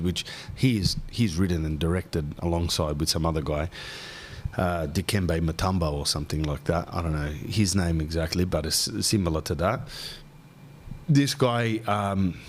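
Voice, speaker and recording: A man's voice: low voice, a little hiss or hum. A man hosting a podcast, telling rambling stories in casual, slang-filled chat. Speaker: podcast host.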